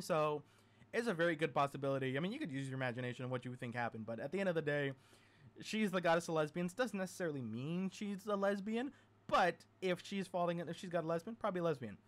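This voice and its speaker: A man hosting a storytelling podcast, retelling a myth in a chatty, rambling way full of animated asides. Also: fairly high pitch.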